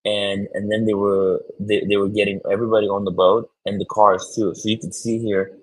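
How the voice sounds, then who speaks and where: Male streamer, husky low voice, slow rambling chat, excitable, swears a lot. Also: low-quality recording. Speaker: streamer host. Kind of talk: casual live-stream chat.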